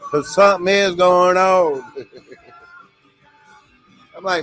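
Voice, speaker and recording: A man hosts a casual livestream, drawling to viewers, laughing often and repeatedly saying "y'all." His voice is high-pitched and a bit bright, delivered slowly with long pauses over soft background music.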